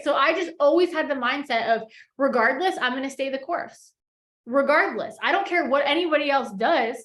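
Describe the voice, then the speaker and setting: A young woman with a high voice gives a fired-up motivational talk to her sales team. She speaks casually, leaning on "like" and "you guys". The room is echoey. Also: a bit bright. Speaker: network marketing team leader.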